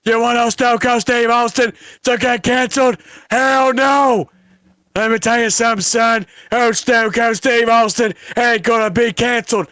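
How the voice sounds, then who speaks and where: A man impersonating a brash, combative male wrestler, loud and taunting, calling people "son". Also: very high-pitched, fairly even intonation, a little slow, dry recording, clean studio sound, pitched above the performer's own voice.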